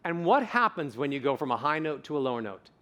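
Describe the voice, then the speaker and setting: A man's voice: a little high, fast talker. A man giving a conference talk as a voice coach, leading the audience through breathing exercises in a playful, demonstrative way. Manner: animated, demonstrates vocal examples, playful. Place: conference stage.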